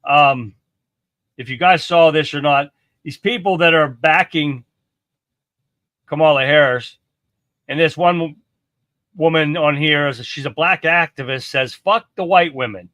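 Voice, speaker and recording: A man's voice: on the high side, unhurried, long pauses, fairly bright tone, dry recording. A man hosting a livestream, delivering a scornful, profane political rant. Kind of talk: angry commentary rant.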